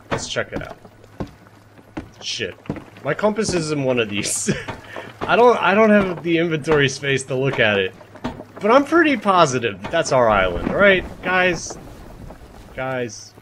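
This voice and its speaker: A young man's mid-pitched voice that swoops up and down with animated energy as he talks his chat through a survival game. He mocks himself and swears casually. Boat and water sounds rumble loudly behind him. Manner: animated, self-mocking, swears and laughs freely, talks to chat. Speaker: streamer. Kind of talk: live-streamed gameplay commentary.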